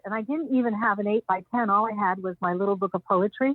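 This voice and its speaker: A woman's voice: medium pitch, fairly even intonation, fast talker, no room sound. An older woman as an interview guest, telling anecdotes animatedly and acting out the lines of others. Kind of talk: storytelling interview. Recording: dry tinny phone-like sound.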